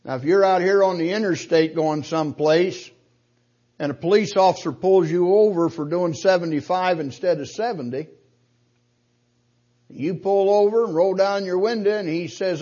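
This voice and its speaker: Older husky man preaching with emphatic questions. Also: high voice, moderate pace, highs cut off. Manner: emphatic, rhetorical questions, rising to loud stresses. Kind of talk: sermon.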